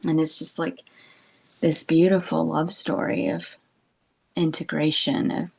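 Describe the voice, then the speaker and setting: A woman, a spiritual teacher, giving a meditative talk, soft and meandering, with frequent "you know" and light laughter. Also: sits low, level tone, a little slow, vocal fry, husky.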